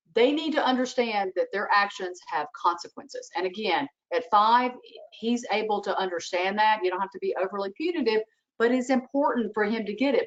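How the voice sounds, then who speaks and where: Animated female advisor on a video call; dull, lo-fi sound. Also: medium pitch. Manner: animated, acts out what she would say to a child. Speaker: webinar expert answering parent questions. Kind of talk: advice in a webinar Q&A.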